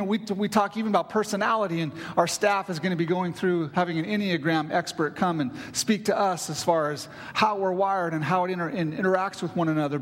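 A middle-aged male pastor delivers a sermon in a high voice. He speaks earnestly and often repeats his words mid-sentence. A long echo trails through the hall around him.

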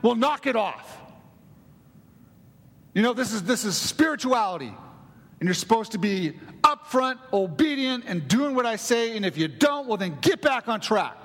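A preacher doing a stern barking taskmaster. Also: male voice, sits high, big pitch swings, moderate pace, fairly bright tone, in a large hall, pitched above the performer's own voice, heavily acted. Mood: scolding. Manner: barking orders, scolding. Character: stern scolding male taskmaster, strict and impatient.

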